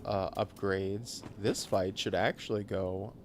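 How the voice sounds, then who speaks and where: A man's voice: deep voice, steady tone, slow pace, a little hiss or hum. A man streaming a video game live as a VTuber, chatting with viewers, joking and swearing at the boss. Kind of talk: live gameplay commentary.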